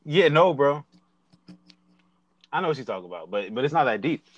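A man's voice: mid-range voice, big pitch swings, brisk, no echo, lo-fi sound. A young man casually telling a rambling, slangy story to friends and acting out the people in it. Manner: slangy, rambling, acts out quotes. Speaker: storyteller in group chat.

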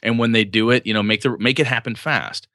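Bright animated male game master. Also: mid-range voice, a little fast, dry recording, clean studio sound. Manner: animated, swearing, laughing, acts out game scenes. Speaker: podcast host and game master. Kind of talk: casual chat about running tabletop games.

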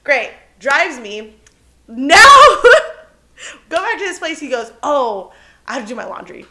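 Young woman ranting thru a bad date story, swears a lot, bright voice kinda high. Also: unhurried. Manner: animated, swears often, laughs through her story. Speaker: podcast co-host. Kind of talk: casual storytelling chat.

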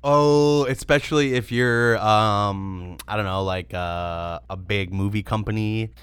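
A man's voice: on the low side, slow, a bit bright, smooth, no echo. A young man co-hosting a podcast, chatting casually with sarcastic, rambling jokes and frequent laughs. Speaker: podcast co-host reviewing beer. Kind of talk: casual comedic chat.

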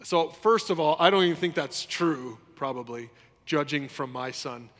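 A man preaching a sermon in a lively, conversational way, often acting out what others say. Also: on the high side, moderate pace, big-room sound. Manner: animated, conversational preaching, acts out quotes. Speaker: pastor.

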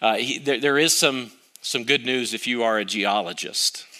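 Wry, bright-voiced male pastor preaching. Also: mid-range voice, normal speed, slight background noise. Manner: self-mocking, storytelling with wry humor. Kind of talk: sermon.

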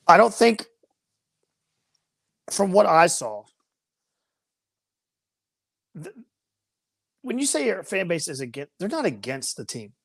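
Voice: medium pitch, very animated, measured pace, creaky, pauses often, a bit bright, breathy edge. Podcast co-host, heated and ranting, voice swings up and down a lot. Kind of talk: casual sports podcast chat.

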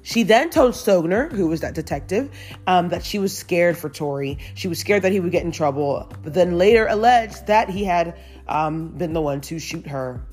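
A woman's voice: fairly low pitch, lively intonation, moderate pace, darkish tone, slightly rough, faint music behind. A woman hosting a celebrity gossip news show, reading stories aloud and adding her own chatty opinions with a giggle, her voice still recovering after being lost. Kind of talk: casual gossip news commentary.

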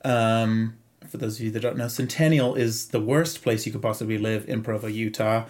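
A man's voice: fairly low pitch, moderate pace. A young man from Zimbabwe with a Zimbabwean accent, telling a story as a podcast guest in casual chat and often breaking into laughter. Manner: animated, laughs often, puts on voices for quoted people.

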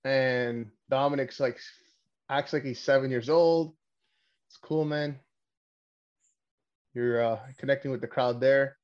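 A man's voice: mid-range voice, slow, pauses often, lo-fi sound. A man from Canada hosting a casual wrestling podcast, rambling, swearing often and getting worked up. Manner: profane, rambling, excitable. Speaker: podcast host.

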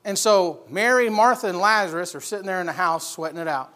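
A male preacher with a notably high voice walks his listeners through a scripture story. He asks them rhetorical questions as he goes. He swings between loud emphasis and hushed lines. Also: a little fast, hardly any pauses. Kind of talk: expository sermon.

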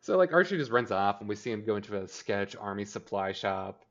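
A man's voice: fairly low pitch, big pitch swings, a bit bright. Chatty man on a lo-fi recording. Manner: chatty, sarcastic, acts out characters' lines in quick impressions. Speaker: podcast co-host recapping a TV episode. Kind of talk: casual chat.

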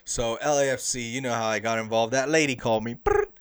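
A young man telling stories to camera in an excitable, chatty way, with plenty of fillers. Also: mid-range voice, fast talker, clean tone. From United States. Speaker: soccer fan. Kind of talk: casual storytelling to camera.

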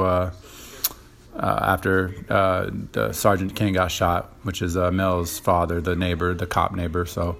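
A man's voice: low voice, gravelly, fairly bright tone. A young man hosting a casual solo podcast, rambling with lots of fillers and profanity. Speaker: podcast host.

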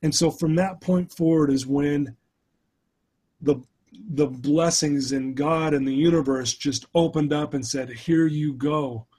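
Brief: middle-aged male guest, husky, slightly high voice, animated storyteller. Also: measured pace. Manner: animated storyteller who addresses the host by name. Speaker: guest, life coach and motivational speaker. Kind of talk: conversational storytelling in a podcast interview.

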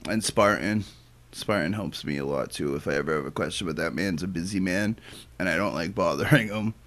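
A man speaking as a guest on a talk stream, relaxed and rambling, with lots of fillers. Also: low voice, a little fast. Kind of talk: casual chat.

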